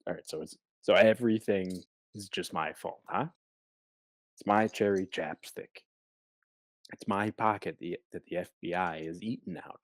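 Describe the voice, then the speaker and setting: Low-voiced man telling rambling stories. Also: normal speed, no room sound. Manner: rambling, playful storyteller. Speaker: podcast co-host. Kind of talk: casual comedic chat.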